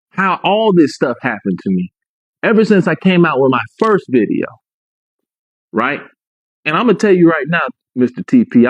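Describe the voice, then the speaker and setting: A man with a mid-range, slightly rough voice recounts his personal experience with emphasis, circling back to his points and checking in with "right?". The recording is dry and muffled, with a lo-fi quality.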